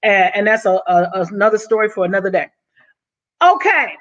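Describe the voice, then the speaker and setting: A woman's voice: mid-range voice, fast. Breathless, effusive woman vlogger, lo-fi sound. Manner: excited, effusive, says "honey" often. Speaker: YouTube vlogger. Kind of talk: casual vlog monologue.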